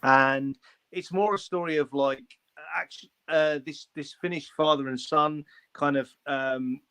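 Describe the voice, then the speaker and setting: A man, a guest on a livestream, picks his way through his words with many ums and restarts. His voice sits a touch higher than most men's and comes through a computer mic on a video call. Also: fairly even intonation, unhurried, bright, forceful tone, clear, resonant tone. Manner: hesitant, many fillers and restarts. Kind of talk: casual chat on a livestream.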